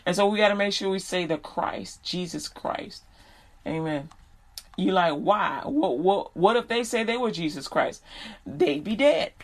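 A woman's voice: fairly low pitch, animated, measured pace. A woman preaching a sermon, reading scripture aloud and then explaining it in casual street slang.

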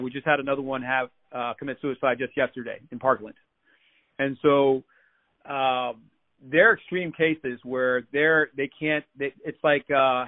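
A man telling stories as a guest on a radio talk show, chatty and repeating his words as he goes. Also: mid-range voice. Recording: phone line into a radio show.

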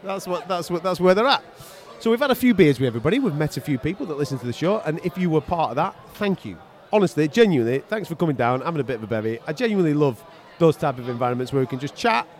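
Fast, lively teasing male podcast host. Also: a little high. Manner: teasing, laughing, swearing banter. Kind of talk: casual chat. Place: arena seats at a boxing event.

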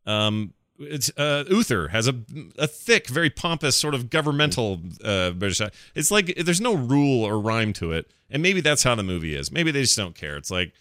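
A man hosts a gaming podcast in loose, enthusiastic chat, joking and rambling. His voice is bright and crisp, and he is recorded close and dry in a small studio. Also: mid-range voice, big pitch swings, moderate pace, few pauses, dry recording. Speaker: podcast host.

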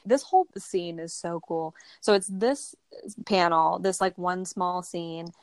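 A woman talks through a comic in a relaxed podcast chat, her voice sitting a little low for a woman. She keeps things animated, slipping into quick voices for the characters. The mic is close and dry, with no room sound. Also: dry recording. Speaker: podcast co-host. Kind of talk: casual chat recapping a comic.

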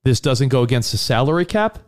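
A man's voice: mid-range voice, brisk. A man co-hosting a casual sports talk show, teasing and arguing his point. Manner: animated, teasing, argumentative. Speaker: radio co-host.

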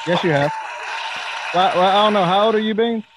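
A man on a podcast, chatting football casually, stammering and swearing excitedly. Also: sits high, brisk, background noise. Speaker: podcast co-host. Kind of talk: casual chat about football.

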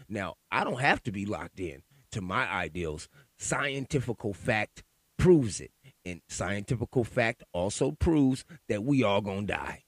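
A podcast host from Sacramento, California, delivers a worked-up, profane rant, often repeating words as he goes. His voice is mid-range, and the recording is dry.

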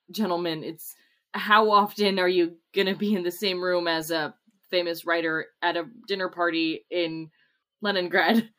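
A woman playing a tabletop game, unhurried and earnest. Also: fairly low pitch, a bit bright. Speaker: player. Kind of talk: casual tabletop play.

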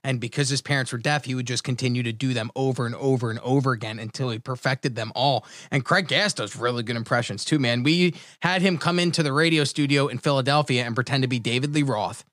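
Fast-talking, bright-voiced male podcast host. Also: dry recording, clean studio sound. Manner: fast, excitable, jumps into bursts of high-pitched emphasis. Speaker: podcast co-host, former radio worker. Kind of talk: casual chat.

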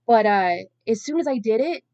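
A woman's voice: on the high side, expressive, moderate pace, warm tone, no room sound, muffled recording. A woman in her thirties hosting a podcast alone, telling a long-winded, self-deprecating story in a casual, chatty way. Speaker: podcast host.

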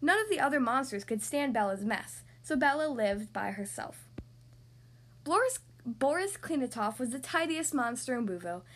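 High-voiced woman reading a storybook aloud. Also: sing-song, normal speed, a bit bright. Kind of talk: reading a picture book aloud.

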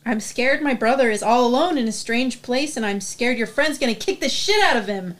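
A woman's voice: on the high side, animated, fairly quick, close to an everyday voice. A woman playing a nervous young male writer. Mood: scared pleading. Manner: pleading, defensive, flustered. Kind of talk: stage play reading.

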